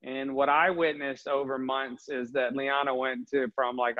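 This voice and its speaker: A man's voice: medium pitch, little pitch movement, a little slow, hardly any pauses. A man hosting a casual interview, upbeat and encouraging, asking long rambling questions. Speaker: host. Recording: slightly dull lo-fi audio.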